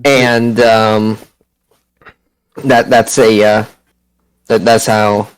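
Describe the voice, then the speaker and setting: A man's voice: on the low side, level tone, extremely slow, smooth, no room sound, rough recording. A man co-hosting a casual podcast, stammering a little and laid-back with jokes. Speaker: podcast co-host.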